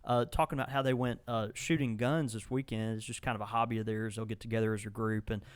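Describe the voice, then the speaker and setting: A man's voice: fairly low pitch, fairly even intonation, fast, smooth, dry recording. A man co-hosting a podcast in casual chat, rambling with many fillers and restarts. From Mississippi. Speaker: podcast co-host.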